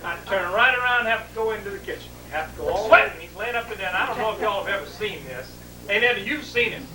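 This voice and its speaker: High-voiced man telling a story. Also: fast, a crowd in the background. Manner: animated, repetitive, comic timing. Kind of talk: humorous family storytelling to an audience. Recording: echoey room, distant mic, noisy.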